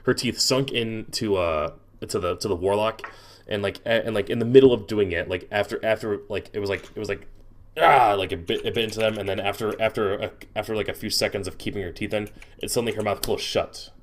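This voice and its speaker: A man's voice: on the low side, fairly even intonation. A man acting as game master for an online tabletop game, narrating with many halts and restarts. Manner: halting, many restarts and fillers.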